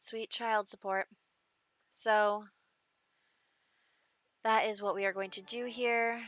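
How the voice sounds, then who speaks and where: A woman's voice: medium pitch, pushed and bright, no echo. A young woman narrating a life-sim game in a chatty, upbeat way, with plenty of fillers. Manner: chatty and upbeat, with frequent fillers like "like" and "you know". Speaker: gaming channel host.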